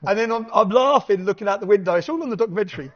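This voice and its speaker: A man telling an animated anecdote in casual chat, swearing freely and laughing between lines. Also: high voice, very fast. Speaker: podcast guest. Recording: dull lo-fi recording.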